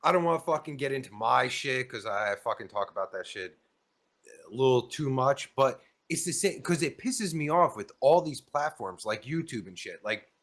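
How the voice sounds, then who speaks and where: A man's voice: mid-range voice, fairly bright tone. A man hosting a podcast interview who talks bluntly, swearing freely in casual chat. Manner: blunt and heavily profane. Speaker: podcast host.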